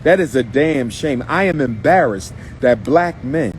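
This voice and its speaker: A man's voice: mid-range voice, animated, measured pace, a little hiss or hum, low-quality recording. Emphatic man repeating his points. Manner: emphatic and repetitive, addressing someone directly. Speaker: activist commentator. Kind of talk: live-streamed monologue.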